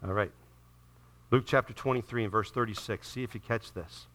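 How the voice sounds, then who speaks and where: A man preaching a sermon to a congregation, moving from calm teaching to loud, impassioned delivery as he acts out voices from the scripture. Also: on the low side, fairly quick. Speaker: pastor.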